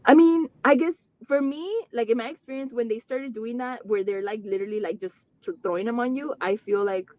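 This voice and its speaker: Earnest mom, higher voice, lots of "like". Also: female voice, moderate pace, few pauses. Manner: earnest and heartfelt, run-on sentences with many "like" fillers and restarts; animated when retelling conversations. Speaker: parent guest. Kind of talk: candid personal storytelling in a live interview.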